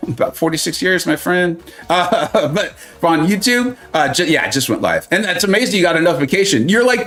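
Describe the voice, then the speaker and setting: A man's voice: a little high, fairly bright tone. A man hosting a live mobile-game stream, chatting and joking with viewers, reading their comments aloud and laughing often.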